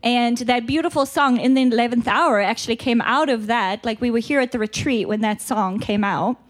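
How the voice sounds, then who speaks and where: At a moderate pace and in a slightly high voice, a South African retreat speaker offers a chatty, candid church teaching. She's stuffed up with a cold and laughs at herself every so often.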